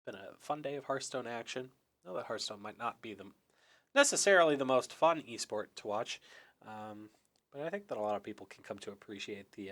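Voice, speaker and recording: A young man, hoarse, casting a card game match solo in an easygoing, chatty play-by-play style. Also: on the low side, fairly bright tone. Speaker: esports caster.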